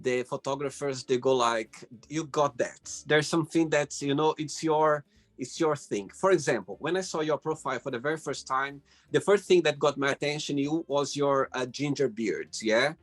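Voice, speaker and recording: A man hosting an interview over a call, asking questions in slow, searching phrases with fillers. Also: mid-range voice, faint music behind. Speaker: host.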